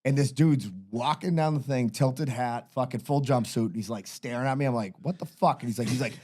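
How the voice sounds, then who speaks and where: A man's voice: medium pitch, fairly quick, warm tone. Profane man in his forties telling stories. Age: 40s. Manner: rambling, profane, full of "like" and self-quotes. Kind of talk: casual storytelling.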